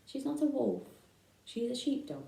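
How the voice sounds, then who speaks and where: A woman's voice: medium pitch, big pitch swings, moderate pace, dark tone, reverberant, recorded from a distance, rough recording. A woman doing a very polite young pig. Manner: very courteous. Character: polite young piglet, earnest and gentle.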